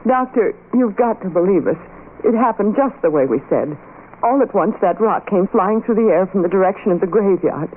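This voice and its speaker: A woman's voice: mid-range voice, expressive, fairly quick, close to an everyday voice. An actress playing an anxious, pleading young woman. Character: frightened young working women arguing. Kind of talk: 1930s radio acting. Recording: tinny hissy old radio broadcast.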